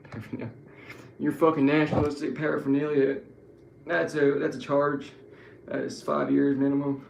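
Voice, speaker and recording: A man's voice: a little high, level tone, moderate pace, creaky, a little mellow, highs cut off, a little hiss or hum. A man giving a rambling, profane political monologue who keeps correcting himself. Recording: echoey room with faint ambience.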